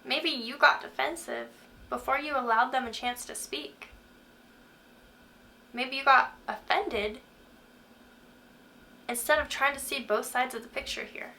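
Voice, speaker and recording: A woman's voice: high voice, a little slow, pauses often, sharp tone, slight background noise. A woman hosting a faith talk, speaking earnestly and asking the listener many questions. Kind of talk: devotional talk to camera.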